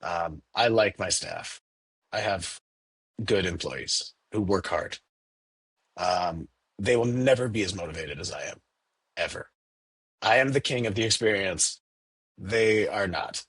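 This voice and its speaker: A candy store owner in a casual interview, talking animatedly and acting out little quoted exchanges in a raised voice. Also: male voice, low-pitched, animated, a little slow, pauses often, a bit bright, husky, no room sound.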